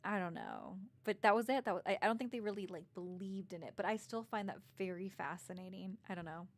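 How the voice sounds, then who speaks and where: A woman's voice: mid-range voice, big pitch swings, a little fast. A woman in her thirties telling personal stories in a rambling, casual way, with many fillers and restarts. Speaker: vlogger. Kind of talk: casual storytelling.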